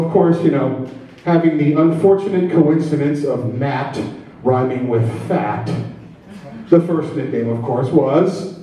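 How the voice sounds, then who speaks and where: A man's voice: a little high, dark tone. A man from New Jersey performing a stand-up set on a comedy club stage, chatty, self-deprecating and teasing the crowd. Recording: echoey club from a distance.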